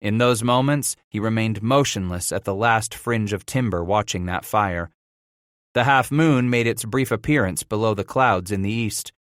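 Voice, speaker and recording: A man narrating a western audiobook in a measured storytelling manner. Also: fairly low pitch, fairly bright tone, clean tone, no echo, clean studio sound. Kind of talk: scripted narration of a western novel.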